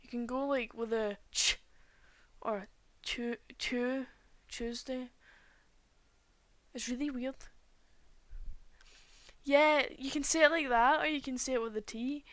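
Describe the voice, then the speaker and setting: Drawing on stream, a chatty young woman rambles at a moderate pace with long pauses, frequently leaving sentences unfinished. She has a high, fairly bright voice, and the cheap home mic gives a dry recording.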